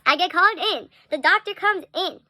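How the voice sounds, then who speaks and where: Bright, high-voiced chatty young woman. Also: a little fast, dry recording. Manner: chatty, animated, frequent "like" and laughs. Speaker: storyteller. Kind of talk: casual storytime vlog.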